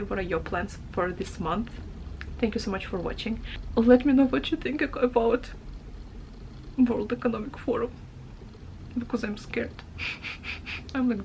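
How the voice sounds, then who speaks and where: A woman book vlogger talks casually to her viewers in a fairly high voice, with a faint hum of noise behind her. She sounds emotional and chatty, laughs a lot and trips over her words. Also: a little mellow. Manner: emotional, chatty, laughs often, hesitant restarts. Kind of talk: casual chat to camera.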